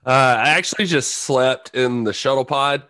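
A man's voice: medium pitch, normal speed, bright, forceful tone, no echo. A man co-hosting a podcast, chatting in an easygoing, supportive way. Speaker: podcast co-host. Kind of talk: casual podcast chat.

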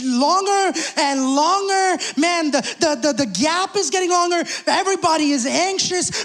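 A male pastor preaching a sermon, calling out to the congregation and quietly acting out the people in the story. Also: very high-pitched. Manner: preaching with call-outs to the congregation; acts out the people in the story in hushed asides. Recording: long hall reverb.

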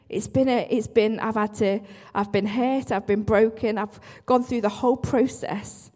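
Woman, worship leader, church testimony, earnest, restarts often, slightly high voice. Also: dark tone. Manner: earnest, self-interrupting, apologetic asides.

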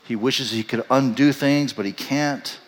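A male pastor preaching a sermon, telling the story in an animated way and acting out the quoted voices, then dropping soft and low for reflective moments. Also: measured pace. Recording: long hall reverb.

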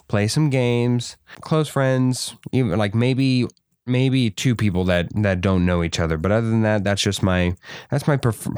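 Young man, low voice, dry close sound, halting casual talker with restarts. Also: a little mellow, clean tone, no room sound. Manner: hesitant, many restarts and repeated words. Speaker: conversation partner. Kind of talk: casual chat.

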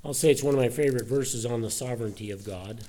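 A man's voice: mid-range voice, fast, dark tone. A middle-aged man preaching a sermon, reading Bible verses aloud with rising force and then explaining them plainly. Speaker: pastor.

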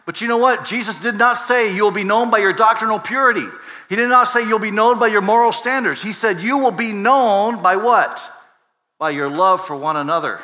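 A man preaches from the pulpit in an easy, conversational way, circling back over his words and throwing questions at the room. His voice is bright and forward, and it rings out with a long tail of reverb from a large sanctuary. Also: sits high, moderate pace. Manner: conversational preaching with many restarts and rhetorical questions. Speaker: pastor. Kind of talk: sermon. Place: church sanctuary.

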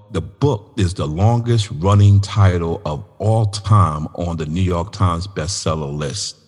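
Male podcast host, very low voice, animated folksy delivery, long reverb. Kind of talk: casual podcast talk.

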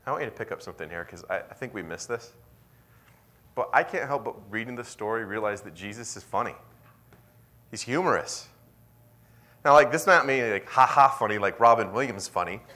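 Animated young male preacher. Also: medium pitch, brisk. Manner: lively, conversational preaching with dramatic drops to a whisper. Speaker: pastor. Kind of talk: sermon.

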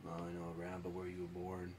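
A man's voice: sits low, monotone, quick pace, a little mellow, a little hiss or hum. A man playing a tabletop role-playing game, asking easygoing questions in character. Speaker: player. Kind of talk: tabletop role-play banter.

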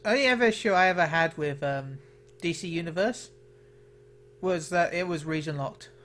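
Brief: English male podcast co-host, high voice, rambling casual chatter. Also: moderate pace, fairly bright tone, a little hiss or hum. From England. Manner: chatty, laughs easily, rambling restarts. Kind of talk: casual chat.

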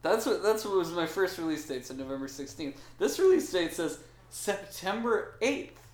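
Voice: medium pitch, very animated, moderate pace, roomy sound. Wry, teasing podcast co-host. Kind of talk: casual movie recap chat.

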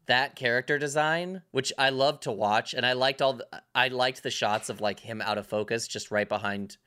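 Guy rambling thru a movie chat, bright forceful voice, lots of restarts. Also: mid-range voice, normal speed, smooth. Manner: rambling, many restarts and fillers, swears casually. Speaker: podcast co-host. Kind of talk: casual film discussion.

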